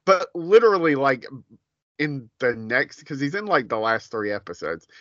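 A man's voice: mid-range voice, very animated, normal speed, a bit bright, no echo, muffled recording. A man co-hosting a podcast in casual chat, telling stories animatedly and laughing often. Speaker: podcast co-host.

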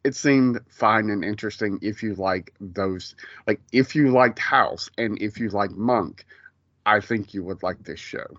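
A man co-hosting a pop culture podcast in a loose, rambling way, full of "like" and "um". His voice sits fairly low. The recording is dry and a bit dull, with a lo-fi edge. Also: measured pace, a bit bright, dry recording. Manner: rambling, many fillers and restarts. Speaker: podcast co-host. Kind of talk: casual pop culture chat.

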